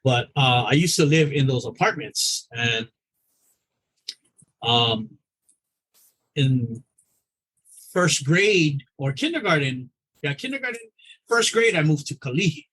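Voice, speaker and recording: Man, husky, higher voice, lively storytelling, salty language. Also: slow, long pauses, rough recording. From Oahu, Hawaii. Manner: animated storyteller, profane, acts out dialogue. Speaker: podcast guest. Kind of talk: casual chat.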